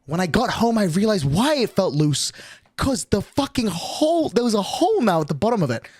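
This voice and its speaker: A man's voice: high-pitched, sing-song, a little fast, a little mellow, no echo, clean studio sound. A young adult man streaming, telling a story casually to his chat, swearing often and filling with "like". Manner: crude, swears a lot, lots of "like" fillers.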